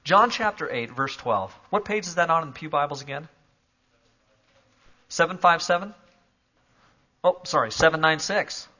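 A man preaching a sermon to a church congregation, moving from calm explanation to loud, emphatic declarations. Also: on the high side, normal speed, long pauses, dull audio. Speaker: pastor. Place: church sanctuary.

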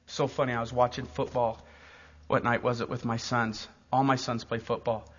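A man in his forties preaching a sermon in an animated, emphatic, joking way. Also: mid-range voice, normal speed, slightly rough, big-room sound, muffled recording.

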